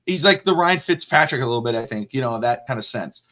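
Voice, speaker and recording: A man hosting a casual sports talk show, rambling and jokey and quick to laugh. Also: mid-range voice, expressive, sharp tone. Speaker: podcast host.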